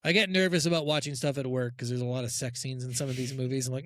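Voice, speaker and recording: A man co-hosting a podcast in casual chat, animated and laughing, swearing freely and acting out scenes in mocking voices. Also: medium pitch, fast talker, no echo, clean studio sound. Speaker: podcast co-host.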